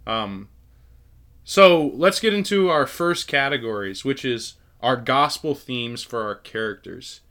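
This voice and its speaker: A young man co-hosting a casual faith-based movie podcast, chatty and quick to laugh. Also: medium pitch, animated, fairly bright tone. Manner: chatty, laughs often, restarts phrases. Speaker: podcast co-host.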